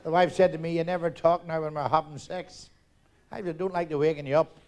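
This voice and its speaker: An older man with a Northern Irish accent and a high voice tells jokes in a live stand-up set. He talks fast, acts out every character in the dialogue, and punches the lines hard. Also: steady tone, darkish tone. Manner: rapid joke-telling, acting out characters in dialogue. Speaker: stand-up comedian. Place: live theatre stage.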